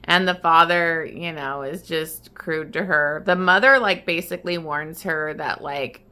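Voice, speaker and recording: Woman booktuber, lower pitch, forceful tone, emotional chatty recap. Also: unhurried, clean tone. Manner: emotional, heavy use of "like". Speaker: book reviewer. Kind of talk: casual vlog recap.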